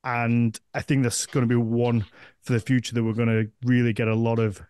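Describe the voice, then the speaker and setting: A man's voice: mid-range voice, little pitch movement, fairly quick, a little mellow, clean tone. A man with a Northern English accent hosting a podcast, chatting casually and rambling with frequent restarts. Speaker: podcast host.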